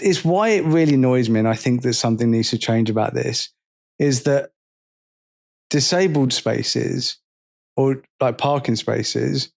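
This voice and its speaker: A man co-hosting a podcast, chatting casually and telling lively stories, acting out the people he quotes. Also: mid-range voice, vocal fry. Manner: animated storytelling, acts out quoted people. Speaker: podcast co-host. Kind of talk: casual chat.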